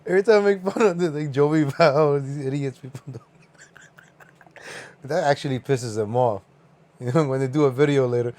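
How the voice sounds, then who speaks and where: A man hosts a livestream and reacts to clips in a loose, casual way. He laughs often and swears without holding back. His voice sits at an ordinary middle pitch for a man. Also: normal speed, pauses often, a little mellow. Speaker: livestream host.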